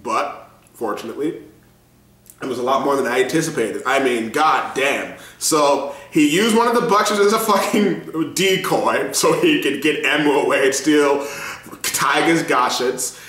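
A man giving a casual reaction review, excitable and profane, laughing often as he talks. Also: mid-range voice, measured pace, roomy sound. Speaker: show reviewer.

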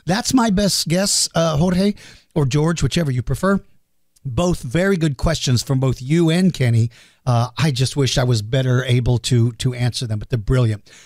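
A man's voice: mid-range voice, moderate pace, a little mellow, no room sound, studio quality. A middle-aged man hosting a podcast, casually answering listener questions in a chatty, self-deprecating way. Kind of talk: casual Q&A monologue.

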